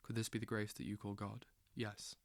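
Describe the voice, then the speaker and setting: A man reading a literary novel aloud as an audiobook, slow and intense, with dramatic swells. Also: on the low side, monotone, gravelly, no echo. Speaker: audiobook reader.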